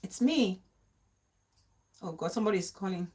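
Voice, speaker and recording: A young woman with a Cameroonian accent hosts a live-stream vlog, reading viewer comments aloud. Her mid-range voice is expressive and a little mellow, moving at a moderate pace. She makes her points emphatically, then repeats them as rhetorical questions.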